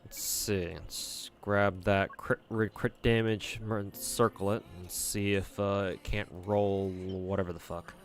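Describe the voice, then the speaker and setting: A man's voice: fairly low pitch, flat delivery, a little slow, hardly any pauses. A man streaming a game, chatting casually and swearing freely as he mutters to himself. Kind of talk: casual gameplay commentary. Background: faint game music.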